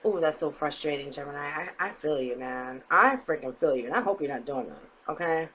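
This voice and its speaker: A woman's voice: deep voice, expressive, normal speed, a bit bright, a little hiss or hum, poor audio. A woman giving a casual tarot reading to her viewers, blunt and emphatic, swearing freely and often checking in with "okay?". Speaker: tarot reader.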